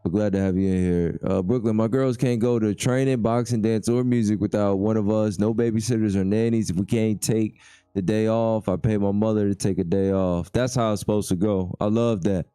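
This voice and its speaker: A man's voice: lowish voice, fairly even intonation, a little fast, mellow, clear, resonant tone, no room sound, clean studio sound. A man hosting a casual livestream chat, laid-back and reading viewer comments aloud. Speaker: livestream host.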